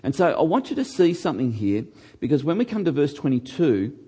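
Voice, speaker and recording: A middle-aged man preaching a sermon, earnest, slowing down and dropping his voice on key words. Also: sing-song, mellow, husky. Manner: earnest, slows down and drops low on key words. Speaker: pastor.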